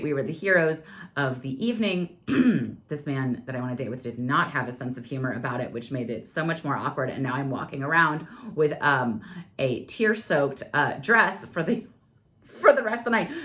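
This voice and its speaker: A woman in her forties with a low-pitched voice shares personal stories on a podcast. She talks fast and chattily, with plenty of "um" and "you know" along the way. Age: 40s. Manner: chatty, lively, fast-talking, with many fillers. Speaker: podcast guest. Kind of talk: personal storytelling.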